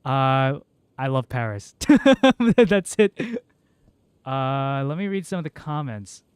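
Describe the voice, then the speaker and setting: A man's voice: medium pitch, lively intonation, slow, smooth, dry recording. A young American man rambling chattily through a casual livestream, laughing often. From United States. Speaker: streamer.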